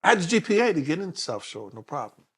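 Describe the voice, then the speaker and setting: A man's voice: on the high side, quick pace, vocal fry, husky. A man, a guest telling stories from his life in an interview and acting out the people he quotes. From Brooklyn, New York. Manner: animated storyteller who acts out the people he quotes. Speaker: guest, detective. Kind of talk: personal storytelling in a sit-down interview.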